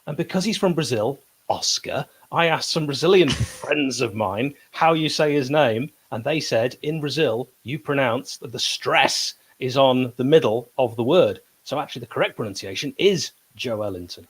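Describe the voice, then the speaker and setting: A man's voice: medium pitch, lively intonation, normal speed, few pauses, breathy edge, low-quality recording. A man giving football opinions on a podcast, stubborn and jokey, with lots of fillers. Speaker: pundit. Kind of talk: casual football podcast chat.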